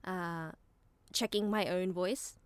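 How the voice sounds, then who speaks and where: An Australian woman who works as a voice actor, chatting casually in a soft, hesitant way with many fillers. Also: lowish voice, steady tone, slow, clean tone. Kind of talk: casual chat.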